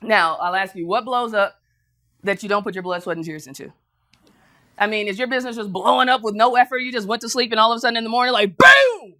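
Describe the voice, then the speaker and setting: Woman giving a motivational talk on stage, bright voice a bit high, acts out voices. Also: quick pace. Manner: animated storytelling, acting out voices, laughing. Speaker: motivational speaker. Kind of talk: motivational speech.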